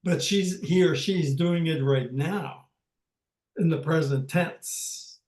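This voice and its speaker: An older man teaches over a video call, pausing often and restarting his sentences as he explains. His voice sits a little high for a man and moves at a slow, unhurried pace. The room around him sounds echoey. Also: darkish tone. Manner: halting, many filler pauses and restarts. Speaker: language teacher. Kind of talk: conversational language lesson over video call.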